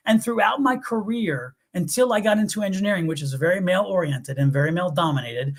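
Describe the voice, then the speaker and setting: Rambling, animated man telling stories. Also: sits high, a little fast. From US East Coast. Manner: animated, rambling storyteller who laughs often. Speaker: tarot reader co-host. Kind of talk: casual live-stream chat.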